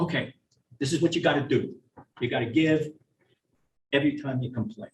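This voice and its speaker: A man's voice: a little high, fairly bright tone. Blunt older man lecturing in a roomy hall. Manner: blunt, folksy, plain-spoken; acts out parents and teachers in quick asides. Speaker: retired child neuropsychologist giving a parent talk. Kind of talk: public lecture to parents. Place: meeting room or auditorium. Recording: roomy, from a distance, faint hiss.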